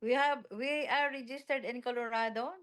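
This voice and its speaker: A woman who leads a local office speaks from its small kitchen over a video call, explaining things and reassuring others in a halting way. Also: a little high, fairly even intonation, a bit bright, smooth. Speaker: local office leader answering questions.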